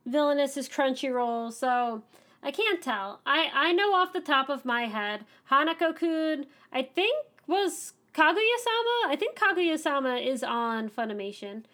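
High-voiced enthusiastic woman podcast co-host. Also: big pitch swings, a bit bright. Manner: enthusiastic, ranting, fast-moving. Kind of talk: casual podcast chat.

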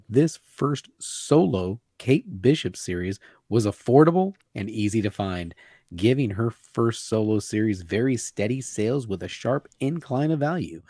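A man co-hosting a podcast, reading list entries in a steady way and chatting. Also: medium pitch, unhurried, dry recording, studio quality. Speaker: podcast co-host.

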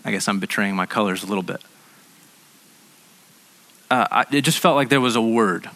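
A man's voice: on the low side, moderate pace, sharp tone. A man preaching a sermon as a pastor, in a conversational way that often repeats words as he restarts.

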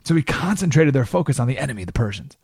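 A man hosting a radio talk show, telling a history story in a casual, lively way and acting out the people's lines. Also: mid-range voice, fast, slightly rough, no echo, studio quality. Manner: casual, animated storytelling, acting out quotes in voices. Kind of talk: radio monologue retelling history.

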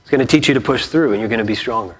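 A male pastor voicing a wise martial arts teacher who calmly encourages a crying boy. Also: medium pitch, very fast, pitched below the performer's own voice, natural voice. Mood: encouraging. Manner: calm, encouraging coaching.

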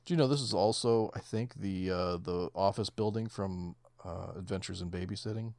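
Gravelly low-voiced man, laid-back. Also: normal speed, a little mellow, no echo. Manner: laid-back, profane, trailing off mid-thought. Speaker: podcast co-host. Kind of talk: casual movie commentary.

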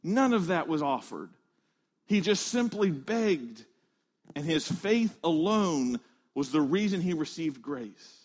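A man preaching a sermon, earnest and emphatic, leaning on slow, stressed phrases. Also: fairly high pitch, big pitch swings. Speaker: pastor.

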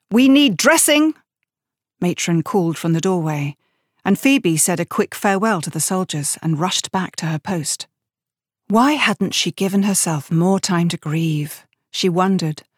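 A woman reading an audiobook as narrator in a measured, steady storytelling manner. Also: fairly low pitch, breathy edge, no echo, studio quality. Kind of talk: scripted narration.

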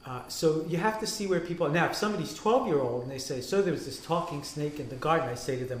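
A rabbi, a man, talking on a panel in an animated way and acting out the quotes he tells. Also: on the high side, fast talker, hardly any pauses, a crowd in the background. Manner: animated storytelling, acts out quotes. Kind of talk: panel discussion talk. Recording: roomy echo.

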